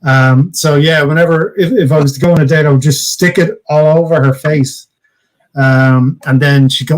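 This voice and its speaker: Man, co-host, playful joker, slightly high-pitched. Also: fairly even intonation, normal speed, low-quality recording. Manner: jokey, playfully self-interrupting. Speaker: podcast co-host. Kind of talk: casual chat.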